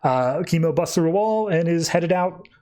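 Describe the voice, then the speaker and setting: A man's voice: fairly high pitch, animated, dark tone. A man hosting a podcast, recapping a comic book issue in a loose, casual way with many fillers. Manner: loose and chatty, many fillers, quick bursts. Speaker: podcast host.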